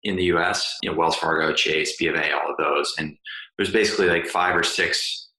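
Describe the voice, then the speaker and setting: A man hosts an interview podcast in a casual, rambling style full of fillers. His voice is very low but bright and forceful. The sound has a roomy echo. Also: fairly even intonation, fairly quick. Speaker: podcast host.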